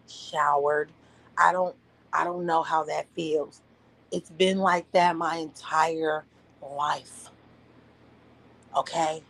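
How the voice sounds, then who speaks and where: A woman ranting bluntly and profanely on a livestream from home, often mimicking others in a high voice. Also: vocal fry, rough recording. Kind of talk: casual livestream rant. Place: at home, partner asleep beside her.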